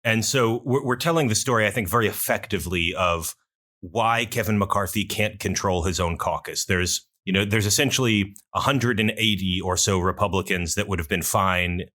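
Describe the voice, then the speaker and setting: A man hosting an interview podcast, speaking in a measured way as he sums up the story and asks questions. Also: lowish voice, pushed and bright. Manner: measured, summarizing and asking questions. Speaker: podcast host.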